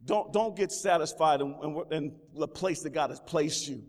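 A man's voice: a little high, moderate pace. A man preaching a sermon as pastor, with exclamations of praise and repeated phrases. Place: church sanctuary. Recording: long reverb of a large hall.

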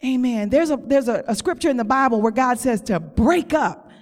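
A woman's voice: a little high, animated, long reverb tail. A woman preaching a sermon in a church, drawing out her words with emphasis and calling on the congregation. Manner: slow, drawn-out emphatic phrasing, call-and-response. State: close to tears.

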